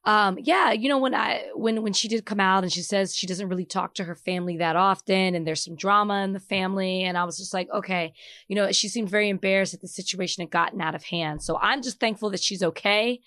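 A woman's voice: medium pitch, a bit bright, dry recording, studio quality. A woman co-hosting a podcast, teasing and reacting in casual banter. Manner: teasing, reacts with quick interjections. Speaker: podcast co-host.

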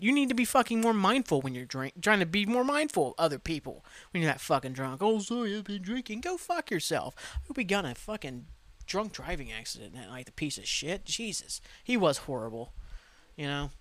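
A man's voice: on the high side, no room sound. Profane ranting man, dry close mic. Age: 30s. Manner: profane, ranting, animated asides. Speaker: podcast host. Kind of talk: casual solo podcast rant.

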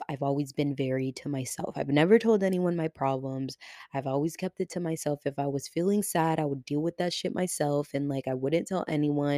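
A woman's voice: low voice, dry recording, studio quality. A young woman hosting her own podcast, talking casually and animatedly, full of "like" fillers and swearing, getting emotional. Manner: animated, chatty, heavy use of "like" and swearing. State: getting emotional, near tears. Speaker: podcast host. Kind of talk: casual solo podcast monologue.

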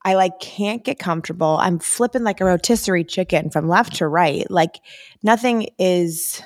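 A woman's voice: on the low side, moderate pace. A young pregnant woman chatting candidly with her mother, a little short of breath. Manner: candid, tired, frank. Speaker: fitness trainer. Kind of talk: casual chat.

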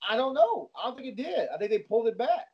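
A man's voice: very high-pitched, sing-song, slightly rough. A man in a casual chat with friends, stumbling over his words and swearing. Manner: halting, restarts and swears. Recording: dull lo-fi audio.

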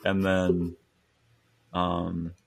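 A man's voice: low voice, monotone, extremely slow, creaky. A man in his twenties, a podcast guest, telling rambling stories in casual chat and chuckling as he goes.

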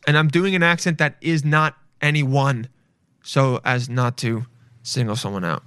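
A man's voice: mid-range voice, fairly even intonation, unhurried, fairly bright tone, smooth, no room sound, clean studio sound. A young man giving crude, blunt, casual commentary as he reacts to videos, swearing freely.

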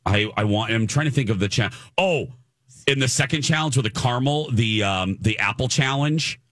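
A man's voice: lively intonation, moderate pace, a bit bright, no room sound, clean studio sound. A man hosting a morning radio show, chatting casually and playfully with his co-hosts. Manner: playful, drops into silly low voices. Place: radio studio.

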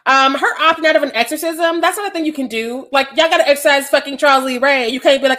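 A woman's voice: high voice, quick pace, fairly bright tone. A woman co-hosting a casual podcast, blunt and profane, laughing often. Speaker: podcast co-host.

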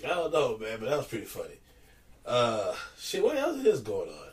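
A man's voice: mid-range voice, huge pitch swings, normal speed, recorded from a distance. A man co-hosting a casual chat, telling a profane story and laughing through it.

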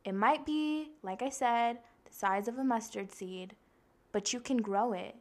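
A woman's voice: fairly high pitch, a little slow, darkish tone. A young woman hosting a casual self-help podcast, blunt and profane, talking straight to her listeners and acting out the voices she quotes. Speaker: podcast host.

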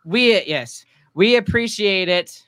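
A young man hosts a podcast, chatting loosely and breaking into laughter. His voice is bright and forward, sitting a little high. The sound is close and dry. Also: expressive, takes it slowly, clean tone, no room sound. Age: young adult. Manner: laughs easily, loose rambling delivery. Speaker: podcast host. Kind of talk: casual chat.

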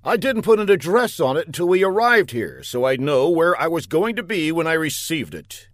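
A man's voice: on the high side, lively intonation, moderate pace, no echo, clean studio sound, pitched above the performer's own voice, natural voice. A smug, dim-witted spy swaggers through his lines in a raised, bouncy voice, as a man puts him on. He sounds pleased with every foolish quip. The comic storybook tone stays light and boastful. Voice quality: smug, triumphant quips.

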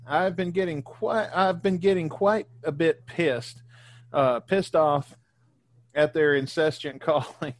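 A man's voice: mid-range voice, no echo. A man hosting a podcast, reading posts aloud in an easygoing way and chuckling as he goes. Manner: easygoing, laughs while reading. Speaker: podcast host.

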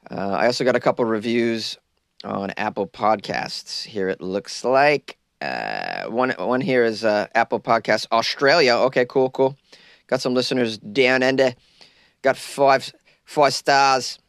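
Recording his own podcast from a small closet, this man has a mid-range, fairly bright voice captured dry and clean with studio sound. His solo chat is loose and casual, wandering a bit and full of self-deprecating humor.

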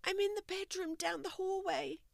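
A woman reading a storybook, voicing a frightened young woman in labour with a high, strained, whimpering voice. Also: a little slow, dry recording, studio quality. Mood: distressed.

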